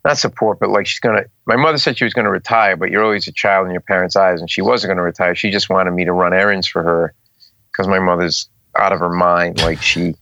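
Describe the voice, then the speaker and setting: A middle-aged comedian from Rhode Island, appearing as a guest in a casual interview, tells stories fast in a low voice and animatedly acts out the voices of the people in them. The recording is dry, with dull, slightly muffled podcast audio.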